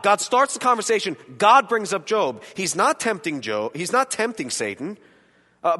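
A man with a high, lively voice teaches scripture to a group, throwing in jokes and asking the room questions. His tone is bright and sharp. The sound rings with the long reverb of a hall. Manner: animated, joking asides, rhetorical questions. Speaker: Bible study teacher. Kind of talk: conversational Bible teaching.

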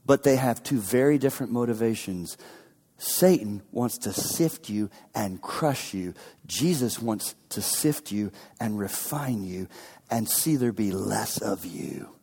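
A male pastor giving a sermon, swinging between loud emphatic bursts and near-whispers and repeating key phrases for emphasis. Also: on the low side, lively intonation, a little slow, vocal fry, breathy edge. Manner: dramatic swings from shouts to whispers. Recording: long hall reverb.

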